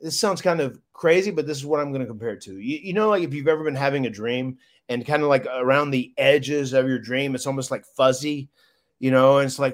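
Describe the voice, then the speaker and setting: A man's voice: medium pitch, fast talker. A man guest in an interview, recalling a big moment with emotion, rambling and restarting often. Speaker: guest, former wrestler. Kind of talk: casual interview storytelling.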